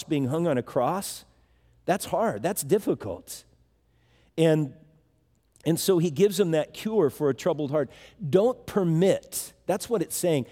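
Male preacher, conversational sermon, mellow high-ish voice, long hall reverb. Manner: conversational, emphatic, restarts phrases.

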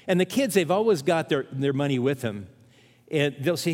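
A man's voice: fairly high pitch, animated, brisk, darkish tone, long reverb tail. An older man, a pastor, preaching a sermon in an earnest, conversational way with emphatic rises.

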